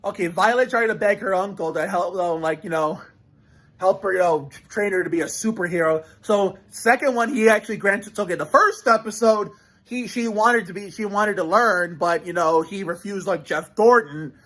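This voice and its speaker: A man's voice: high voice, moderate pace, fairly bright tone. A man casually reacting to a show on camera, rambling with frequent restarts and swearing. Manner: rambling, profane, many restarts.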